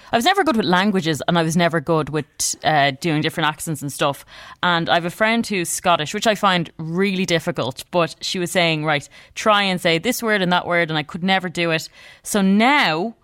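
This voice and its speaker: A woman co-hosts a radio podcast, chatting in a self-deprecating way. Her voice sits a little low, and the sound is dry and close. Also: a bit bright, no echo. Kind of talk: casual chat and interviewing.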